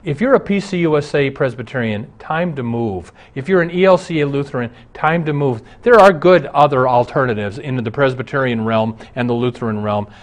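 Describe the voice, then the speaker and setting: A man's voice: medium pitch, fairly quick, hardly any pauses. A middle-aged male pastor delivering a broadcast sermon, earnest and emphatic, his intensity rising and falling.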